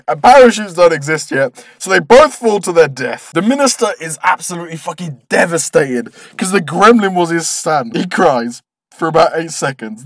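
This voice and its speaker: A man's voice: a little high, no room sound. A man narrating a comedic anime recap, sarcastic and swearing freely, ranting with exaggerated outrage.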